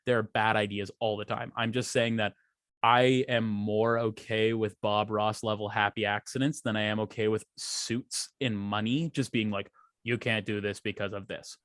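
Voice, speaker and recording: A man co-hosting a podcast, ranting about movies in a profane, animated way and acting out quotes. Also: lowish voice, moderate pace, dry recording, clean studio sound. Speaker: podcast co-host. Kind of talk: casual podcast rant.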